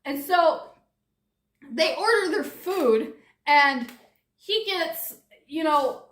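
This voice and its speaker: Brief: rambling, giggly woman improvising a spooky comic story, high voice, echoey room. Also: expressive, drawn-out words, fairly bright tone. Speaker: YouTube artist.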